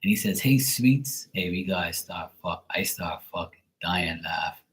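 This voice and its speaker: His voice is low-pitched with little pitch movement, pushed and bright, at a normal speed. In this casual rant, the forty-something tarot reading livestream host from Bermuda swears freely and jokes while acting out both halves of phone calls.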